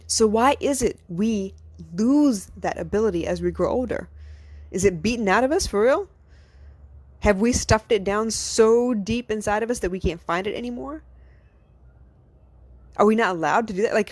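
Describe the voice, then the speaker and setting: A woman's voice: mid-range voice, a little mellow, no echo. A woman delivers an earnest motivational monologue as a podcast host, pressing her listeners with rhetorical questions. Her voice sits in an ordinary middle register. The recording is dry and close, with no room sound. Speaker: mother.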